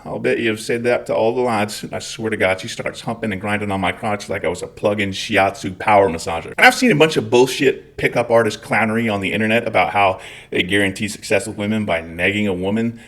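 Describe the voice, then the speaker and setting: A man's voice: fairly low pitch, fast talker, a bit bright. A middle-aged man with a Scottish accent, telling a long profane story with wry asides as a channel host. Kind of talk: storytelling monologue.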